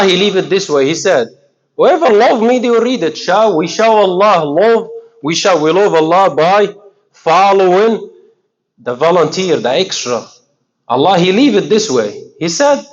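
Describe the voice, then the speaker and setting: A man giving an informal religious talk in an earnest, halting way, asking questions and answering them himself. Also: a little high, lo-fi sound. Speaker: religious speaker.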